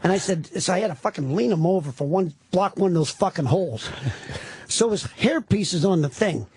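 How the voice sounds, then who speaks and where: Husky, lively-pitched profane storyteller man. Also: fairly quick, no echo. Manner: profane, rambling, animated storyteller. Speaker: comedian guest. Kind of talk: casual talk-radio storytelling.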